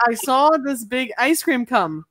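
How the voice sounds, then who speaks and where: A woman co-hosts a casual talk show and drops teasing quips. Her voice sits high. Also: lively intonation, a little slow, crowd noise. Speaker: co-host. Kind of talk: casual chat.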